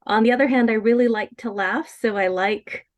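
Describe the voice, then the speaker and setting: A woman on a video call sharing thoughtful reflections, pausing to search for words. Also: a little high, dull audio. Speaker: game participant.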